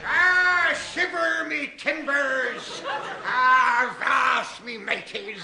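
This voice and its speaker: An actor playing a blustering, gruff pirate with a growling brogue in a radio comedy sketch. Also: male voice, very high voice, fairly even intonation, extremely slow, heavy background noise, heavily acted. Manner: bellowing, hammy.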